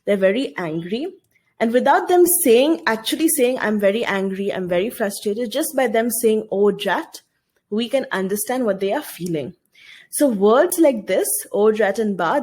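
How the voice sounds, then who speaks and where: A woman's voice: a little high, lively intonation, normal speed, darkish tone, slightly rough. A woman teacher giving a recorded video lesson, reading a story aloud and explaining it, often asking her students questions.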